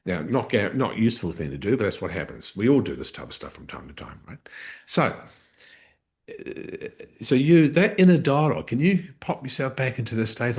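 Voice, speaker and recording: A man coaching a live training session, explaining step by step, restarting phrases and checking in with "okay?". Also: lowish voice.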